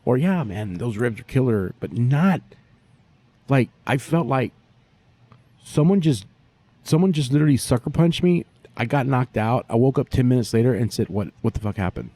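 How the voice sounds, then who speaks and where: A man, a barbecue pitmaster telling stories in a profane, animated way during a casual interview. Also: mid-range voice, moderate pace, no room sound.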